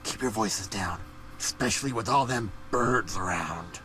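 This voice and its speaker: A man's voice: lowish voice, measured pace, bright, forceful tone, slight background noise. An actor playing a paranoid, aging male caped vigilante in a video game, who talks in conspiratorial asides.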